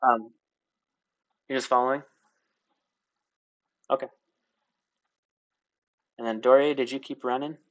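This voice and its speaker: A man's voice: medium pitch, fairly even intonation, slow pace, pauses often, muffled recording. A young man narrating as game master in casual, laugh-filled speech with many fillers.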